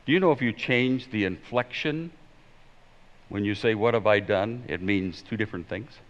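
A man preaching a sermon as pastor, emphatic and swinging between loud declarations and hushed pleading. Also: on the low side, lively intonation, moderate pace. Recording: dull sound in a long-reverb hall.

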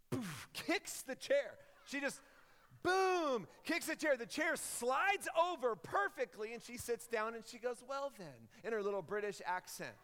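A young man preaching a sermon, telling a story in an animated way and rising loud and high at the big moments. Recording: long hall reverb.

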